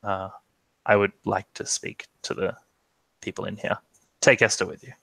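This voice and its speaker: A grave, worried farmer father with a low, quiet, heavy voice, as a game master puts him on. He sounds dry and close over a video call mic, with some brightness to his tone. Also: flat delivery, normal speed, creaky, dry recording, exaggerated voice. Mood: troubled. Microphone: video call microphone.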